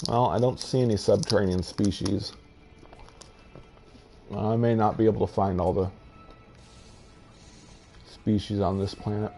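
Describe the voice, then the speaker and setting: Male gameplay host, low-pitched, thoughtful and halting, soft game music behind. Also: steady tone. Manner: musing, hesitant, with fillers and restarts. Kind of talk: casual gameplay commentary.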